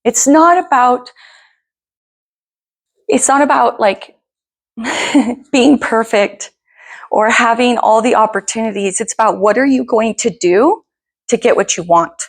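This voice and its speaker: A middle-aged woman earnestly telling a family story as a mother, animated and encouraging, acting out the dialogue. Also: fairly high pitch, takes it slowly, long pauses. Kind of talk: casual spoken storytelling.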